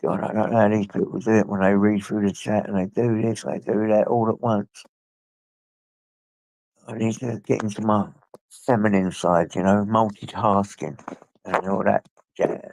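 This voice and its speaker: Gravelly man with a blocked nose. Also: fairly low pitch, flat delivery, normal speed, pauses often, a little mellow, no echo. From England. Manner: chatty, rambling, talks to his pets between chat. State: blocked nose, coming down with flu. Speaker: livestreamer. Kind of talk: casual live stream chat. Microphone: phone.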